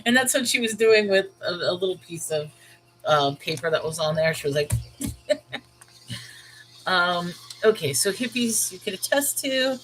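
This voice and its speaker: A woman's voice: fairly low pitch, lively intonation, a little slow, pauses often, a bit bright, faint music behind, low-quality recording. A woman hosting her channel in casual chat, rambling and breaking off mid-sentence with frequent laughs. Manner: rambling, self-interrupting, often laughing. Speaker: channel host.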